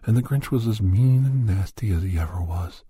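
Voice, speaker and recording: A man's voice: fairly low pitch, moderate pace, dark tone, slightly rough, no room sound, clean studio sound. A man giving a rambling, preachy moral monologue, often sliding into a whisper. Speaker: monologue speaker.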